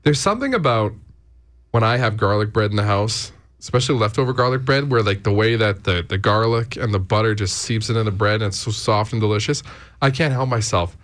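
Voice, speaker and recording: A man's voice: fairly low pitch, fairly quick. A man hosting a morning radio show, chatting casually and joking with a co-host and callers. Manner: jokey, animated, puts on silly accents.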